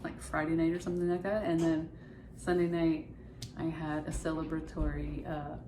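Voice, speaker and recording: A woman's voice: deep voice, little pitch movement, normal speed, noisy background. Chatty woman vlogging from her kitchen. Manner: chatty, rambling, matter-of-fact. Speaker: food vlogger. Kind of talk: casual vlog narration. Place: home kitchen. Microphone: phone held or propped nearby.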